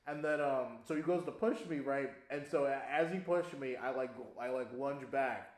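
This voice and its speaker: A young man casually telling a long story on a podcast, animated, laughing often and swearing freely. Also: mid-range voice, moderate pace. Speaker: podcast co-host. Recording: echoey room.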